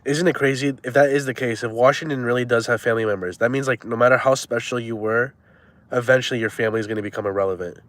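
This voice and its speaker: A man's voice: mid-range voice, steady tone, fast talker, fairly bright tone. Slangy young guy streaming. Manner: loose, crude slang-heavy banter. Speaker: live streamer. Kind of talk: casual chat.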